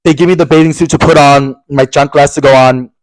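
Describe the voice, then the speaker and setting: Fast-talking animated young man. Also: fairly high pitch, no room sound, poor audio. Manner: animated, gossipy, profane, jumps into quoted voices. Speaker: podcast co-host. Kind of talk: casual storytelling chat. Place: podcast studio.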